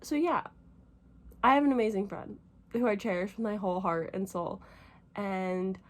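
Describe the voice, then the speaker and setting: A young woman from the United States, a book vlogger chatting casually and gushing emotionally, rambling fast with lots of fillers while teary. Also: medium pitch. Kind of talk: casual vlog chat.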